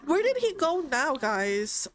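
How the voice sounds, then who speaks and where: A young woman casually commenting on a life-simulation game, chatty and excitable, often voicing her characters' thoughts. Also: high-pitched, slow pace, crowd noise. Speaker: gaming streamer. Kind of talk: casual let's-play commentary.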